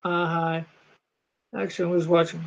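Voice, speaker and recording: A comic artist chatting casually on a livestream from home, rambling and halting while reading the chat. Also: mid-range voice, little pitch movement, gravelly, muffled recording.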